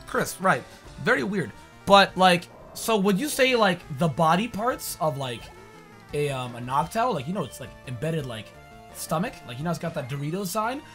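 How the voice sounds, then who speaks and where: A man bantering over a video game, excitable, goofy and teasing his co-host. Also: on the high side, normal speed, soft background music. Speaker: gaming co-host. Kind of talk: casual gameplay banter.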